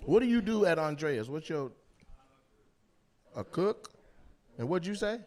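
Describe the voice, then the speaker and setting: A man doing stand-up crowd work in a live comedy venue, teasing the audience in a brash, profane way with loud bursts. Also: fairly high pitch, sing-song, a little slow, slight background noise.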